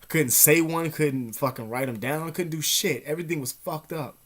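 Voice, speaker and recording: A young man casually telling a story to his vlog audience, slangy and profane, animated, sometimes dropping to a whisper. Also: fairly high pitch, normal speed. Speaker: vlogger.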